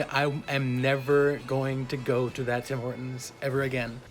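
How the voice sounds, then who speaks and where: A man's voice: medium pitch, level tone, moderate pace, a bit bright, faint music behind. A man contestant telling a story to camera, sheepish and amused. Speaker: reality show contestant. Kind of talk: casual confession to camera.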